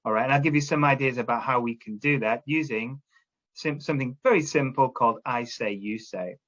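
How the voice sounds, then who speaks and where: A man's voice: medium pitch, fairly quick, fairly bright tone, muffled recording. A man training teachers, explaining classroom drilling step by step and often checking in with "okay?". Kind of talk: instructional talk to teachers.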